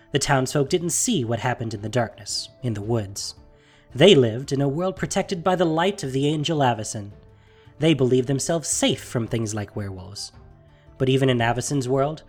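A narrator reading a fantasy story aloud in a measured, steady storytelling manner. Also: mid-range voice.

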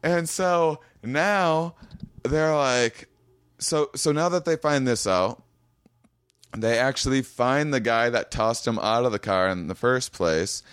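A man's voice: medium pitch, a little slow, a bit bright, clear, resonant tone, no room sound, clean studio sound. Stammering man telling a rambling story. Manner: rambling, stammering restarts, acts out quoted voices. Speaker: comedian guest. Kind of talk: casual storytelling chat. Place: small home room.

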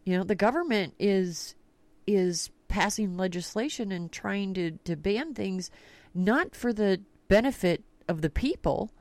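A woman's voice: mid-range voice, lively intonation, unhurried, darkish tone, no echo. A woman hosting a talk radio podcast, telling stories in a casual, blunt way and swearing freely. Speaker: podcast host.

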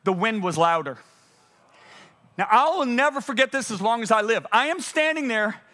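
A man's voice: extremely high pitch, expressive, moderate pace, sharp tone. A man preaching a sermon, telling a story with dramatic voiced quotes and sudden bursts of energy. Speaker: guest preacher. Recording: played from a church stream.

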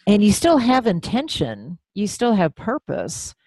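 A woman's voice: medium pitch, wildly swooping pitch, a little slow, darkish tone, no room sound. A woman hosting a radio show, chatting with a guest in an affirming, enthusiastic way. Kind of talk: casual interview chat.

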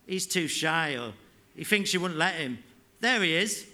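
A man's voice: a little high, animated, measured pace, bright, forceful tone, full character voice. A man voicing a young, scrappy boy who speaks eagerly and bluntly.

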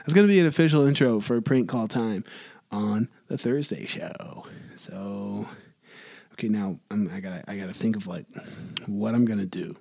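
A man's voice: on the low side, normal speed, vocal fry, warm tone. A young man hosting a solo podcast, rambling casually with lots of restarts and filler words. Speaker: podcast host.

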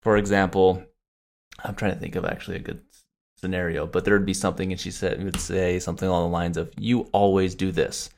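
Very deep-voiced man, halting talk. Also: level tone, gravelly, a little hiss or hum. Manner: searching, halting, many "you know" fillers. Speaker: podcast co-host. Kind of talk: casual chat.

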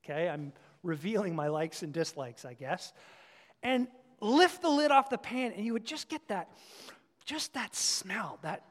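A man preaching a sermon as a pastor, animated and acting out little voices for parents and children. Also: high-pitched, measured pace. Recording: long hall reverb.

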